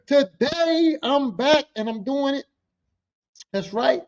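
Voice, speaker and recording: A man hosting his own podcast in a casual, animated monologue, joking and swearing freely as he tells stories about his work. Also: very high-pitched, a little slow, lo-fi sound. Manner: animated, profane, joking storyteller. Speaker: podcast host. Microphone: podcast microphone.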